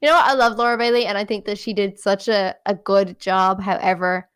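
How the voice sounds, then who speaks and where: A woman's voice: mid-range voice, fairly even intonation, a little fast, clean tone. A woman from South Africa with a South African accent, co-hosting a podcast in casual, chatty talk and laughing often. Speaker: podcast co-host. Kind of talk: casual chat.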